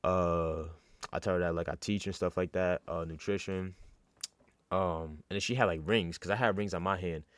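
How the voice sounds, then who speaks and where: A man's voice: deep voice, steady tone, normal speed, fairly bright tone, no room sound. A young man from New York telling a casual, slangy story with lots of fillers and restarts.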